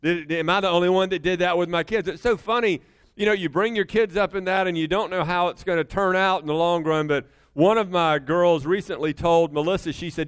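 A man's voice: sits high, fairly quick, clean tone. A middle-aged man preaching a sermon, emphatic and conversational, often turning to the congregation with asides. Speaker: pastor.

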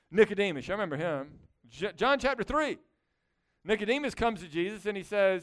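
Male pastor, high clear voice, chatty animated sermon delivery with dry asides. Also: fast. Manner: conversational, animated, with sarcastic asides.

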